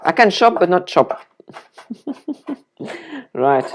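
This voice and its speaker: A French-accented woman talks the viewer through a simple recipe in her kitchen, chatty and keen. Her voice sits low, and she takes her time with each phrase. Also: animated, takes it slowly, noisy background. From France. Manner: chatty and enthusiastic, talks to the viewer while chopping. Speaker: cooking video host. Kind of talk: casual cooking demonstration. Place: home kitchen.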